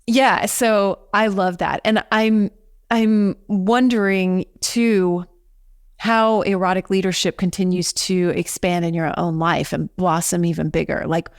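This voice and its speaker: A woman's voice: fairly low pitch, steady tone, a little slow, no echo. Woman host with a dry, close sound. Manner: hesitant, encouraging questions. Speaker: podcast host. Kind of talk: interviewing a guest.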